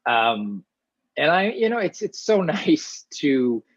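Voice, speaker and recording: A man from small-town Ontario, Canada, an actor chatting in a casual interview, talking in a lively, rambling way with many restarts. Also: a little high, husky, no room sound. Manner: chatty, animated, many restarts, quick asides. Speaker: actor guest. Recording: dull, dry lo-fi sound.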